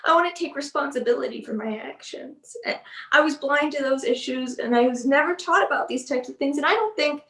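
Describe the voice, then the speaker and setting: Brash young influencer, high, slangy, put-on accent, roomy echo; a woman plays her. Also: fairly quick, hardly any pauses, a bit bright, recorded from a distance. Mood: apologetic. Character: brash 22-year-old female social media influencer. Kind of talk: student theatre acting, live-stream monologue.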